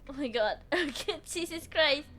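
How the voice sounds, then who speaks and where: Young woman game streamer, very high voice, lively, jumpy and swears a lot. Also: normal speed. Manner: jumpy, shrieks and giggles when scared; swears freely. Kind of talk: live gameplay commentary.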